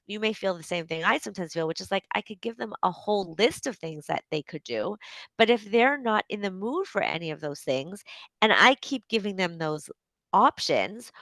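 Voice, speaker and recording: Canadian woman giving gentle advice, dry sound. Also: medium pitch, dry recording. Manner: conversational, many "like" fillers, gentle and reflective. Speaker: podcast host and coach. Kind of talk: solo podcast talk, advice.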